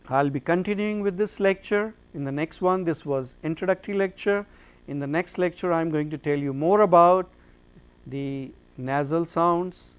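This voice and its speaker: Man, lecturer, high voice, clear smooth tone, asks and answers own questions. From India. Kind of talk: phonetics lecture.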